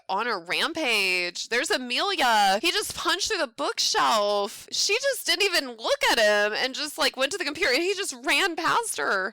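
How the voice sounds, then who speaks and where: A woman hosting a let's play, narrating a life simulation game with excited commentary and quick put-on lines for the characters. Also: medium pitch, no echo. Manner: excitable, voices sims in quick asides.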